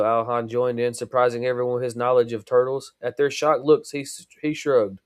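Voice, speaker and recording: A man reading a chapter of his own novel aloud on his podcast. He narrates steadily, at a middle pitch. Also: flat delivery, brisk, clear, resonant tone.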